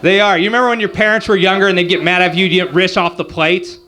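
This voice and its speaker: A fast-talking man in his forties, high-voiced with a sharp tone and fairly even intonation, performs profane stand-up on a club stage. He's crude and conversational, tossing asides to the crowd.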